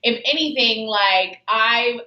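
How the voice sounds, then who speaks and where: A woman's voice: a little high, echoey room, dull audio. A woman guest on a sports radio show, chatting candidly and telling stories with lots of "like". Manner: candid, fast storytelling with "like" fillers. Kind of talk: casual radio chat.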